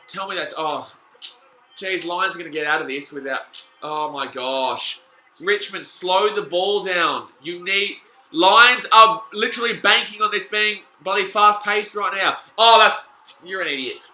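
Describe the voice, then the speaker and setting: A young Australian man commentating a footy match live for his stream as a fan, shouting at the players and reading viewers' chat aloud. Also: high voice. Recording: echoey room.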